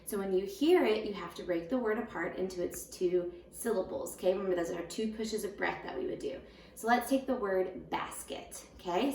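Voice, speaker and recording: First-grade teacher, patient, syllable-by-syllable, distant echoey home recording with faint hum. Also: female voice, mid-range voice, darkish tone. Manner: patient, slow, sounds words out in syllables. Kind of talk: recorded home lesson for young children. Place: home room. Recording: roomy echo, voice a bit far from the mic.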